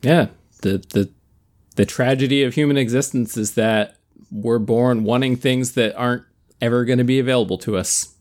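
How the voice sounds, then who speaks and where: A man co-hosting a podcast in casual, comedic chat, delivering mock-philosophical jokes in a deadpan way. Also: mid-range voice, normal speed. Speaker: podcast co-host.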